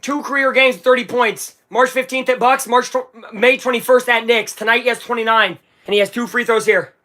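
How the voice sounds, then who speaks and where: A live streamer calling a basketball game as an excitable fan, swinging from low muttering to shouting and swearing. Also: fairly quick. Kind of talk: live fan watch-along commentary.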